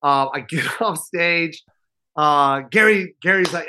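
A man's voice: fairly high pitch, measured pace, pushed and bright, a little hiss or hum. A man in his forties, a stand-up comedian, telling a long story in a casual interview, acting out the voices of other people, swearing and laughing often.

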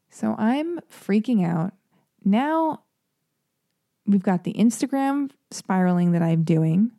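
A woman's voice: mid-range voice, creaky, dark tone, no room sound, studio quality. A young woman in a confessional monologue, chatty and self-mocking, with lots of restarts and asides.

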